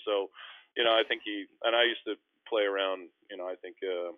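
A middle-aged former basketball player tells his stories in quick bursts, slipping into the voices of the people he quotes. His voice sits a little low and comes through a dry, tinny, phone-like line with no room around it. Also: dry recording. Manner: animated storyteller, acts out quoted voices. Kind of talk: casual storytelling interview.

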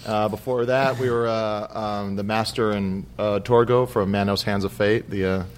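A man's voice: lowish voice, steady tone, normal speed, a little hiss or hum. A man chatting casually, hesitating with fillers as he recalls things. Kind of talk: casual chat.

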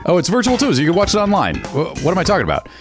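Over background music, a male podcast co-host reads laid-back show plugs, chuckling and correcting himself along the way. His voice sits high, with wildly swooping pitch, and he talks very fast.

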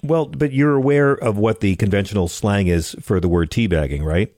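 Low-voiced wry radio host. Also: male voice, normal speed, darkish tone, dry recording, studio quality. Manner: wry, joke-telling, builds to punchlines. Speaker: radio talk show host. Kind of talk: comedic call-in radio talk.

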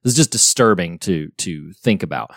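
Low-voiced man in casual film chat. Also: normal speed, no echo, clean studio sound. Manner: animated, many fillers and restarts. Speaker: podcast co-host.

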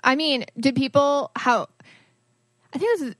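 Woman hosting a podcast, quick reactions, laughs a lot, highish voice, dry sound. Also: no echo. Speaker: podcast host. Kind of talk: casual interview chat.

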